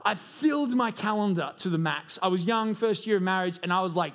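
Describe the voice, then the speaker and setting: Male pastor in his thirties, high-ish voice, chatty and earnest sermon with personal stories, stage mic in a church hall. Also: lively intonation, a little fast, background noise. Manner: earnest and conversational, with storytelling asides. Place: church auditorium.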